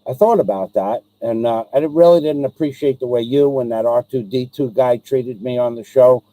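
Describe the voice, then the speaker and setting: A man's voice: mid-range voice, normal speed, warm tone, dry recording, rough recording. A man hosting his own live stream, speaking directly to a viewer in an aggrieved, repetitive way, with frequent ums and restarts. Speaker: livestream host.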